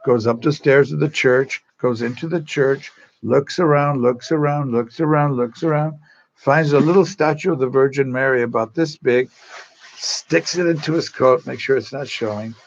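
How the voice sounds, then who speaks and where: A priest with a gravelly, creaky voice tells a long joke in a rambling, chatty way on a TV talk show. His voice sits at a middling pitch. The recording sounds a bit muffled and lo-fi. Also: normal speed.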